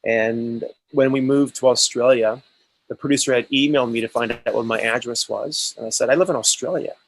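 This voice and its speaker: A man's voice: medium pitch, steady tone, normal speed, creaky, dry recording, rough recording. A male actor as an interview guest, telling stories in a casual, enthusiastic way with many restarts.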